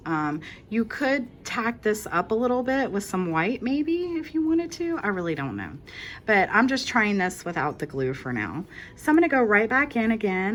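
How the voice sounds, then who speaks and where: A woman's voice: mid-range voice, fairly bright tone, a little hiss or hum. A woman hosting a casual crochet tutorial, walking through each step in a chatty, reassuring way and correcting herself as she goes.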